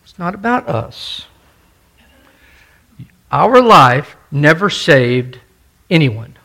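Pastor guy preaching, pretty high voice, keeps hammering the same point, asks the room "right?". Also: very animated, very slow, gravelly, sharp tone. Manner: emphatic, repeats key points, asks the congregation questions. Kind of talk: sermon.

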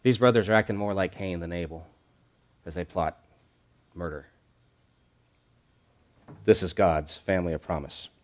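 A man's voice: deep voice, moderate pace, pauses often. A man preaching a sermon, repeating key phrases for stress and reading scripture aloud with rising energy. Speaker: pastor.

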